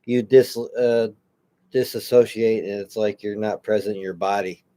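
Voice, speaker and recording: A man co-hosting a paranormal podcast, chatting in a relaxed way, laughing often and reading out listener comments. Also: lowish voice, moderate pace. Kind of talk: casual chat. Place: home studio.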